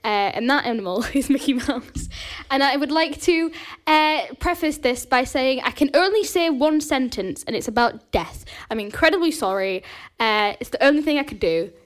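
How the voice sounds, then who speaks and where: A woman with a fairly high voice, talking casually as a podcast guest. She giggles often and pokes fun at herself. Her stories ramble along with plenty of ums and likes. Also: lively intonation, normal speed, hardly any pauses. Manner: giggly, self-deprecating, rambling with fillers.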